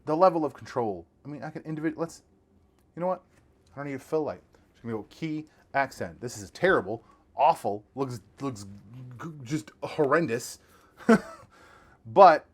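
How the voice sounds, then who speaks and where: A young man hosting a casual tech review vlog from a small home studio. He talks straight to his viewers in an excited, slangy way. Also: mid-range voice. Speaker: tech reviewer, channel host.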